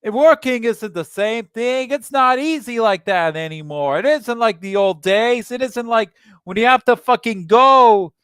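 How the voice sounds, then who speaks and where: A man's voice: very high-pitched, fairly bright tone, clean tone, no echo, studio quality. A young American man ranting angrily at home, swearing often and breaking off mid-sentence to restart. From United States. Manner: heated, profane, halting with restarts. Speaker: channel host. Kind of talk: angry solo rant.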